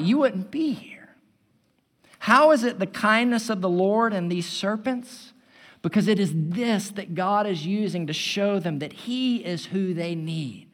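A man preaching a sermon as pastor, building loud and emphatic and then dropping to a hushed tone. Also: high voice. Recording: long hall reverb.

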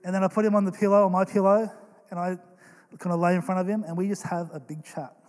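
A young man preaching a sermon as pastor, telling stories in an earnest, animated way. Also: high voice, fast talker. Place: church hall. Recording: long reverb of a large hall.

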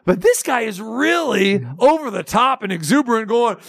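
A man's voice: very high-pitched, animated, moderate pace, vocal fry, a bit bright, dry recording, studio quality. A man hosting a sports radio show, ranting with sarcastic asides. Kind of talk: casual sports talk radio rant.

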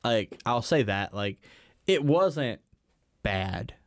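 A man's voice: medium pitch, lively intonation, slow, no room sound. A man in a mid-range voice co-hosts a casual movie podcast. He is blunt and emphatic, with plenty of swearing. The sound is close and dry, with no room around it. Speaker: podcast co-host. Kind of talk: casual movie review chat.

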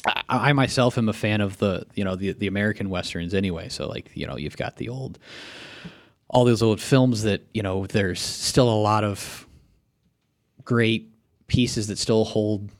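A man with a low voice sharing his views in a relaxed podcast chat. He pauses often and fills the gaps with "uh" and "you know" while he works out his thoughts. The recording is close and dry, with no room sound. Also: dry recording. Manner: thoughtful, hesitant, many fillers. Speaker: podcast co-host. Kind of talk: casual film discussion.

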